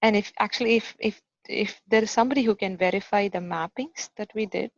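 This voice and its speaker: A woman presenting her software work in a casual online meeting, hesitant and full of fillers. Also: medium pitch, fairly quick, no echo, lo-fi sound.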